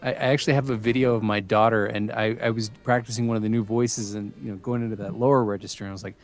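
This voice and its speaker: A man, a voice actor and a father, chatting casually as a podcast guest, pausing often with fillers and restarts. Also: fairly low pitch, fairly even intonation, soft background music. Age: adult with young children. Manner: hesitant, many fillers and restarts.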